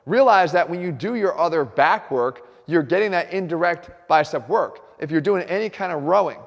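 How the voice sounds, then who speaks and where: A man's voice: on the high side, moderate pace, vocal fry. Guy coaching straight to camera in a gym, keen and direct, lots of reverb. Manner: direct, energetic, talks straight to viewers. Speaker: fitness coach host. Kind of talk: instructional fitness video.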